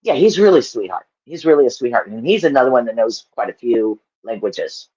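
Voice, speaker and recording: A woman's voice: very deep voice, sing-song, fairly quick, warm tone, husky, dull audio. A woman hosting a livestream, chatting casually with her viewers, laughing often as she answers their comments. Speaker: livestream host.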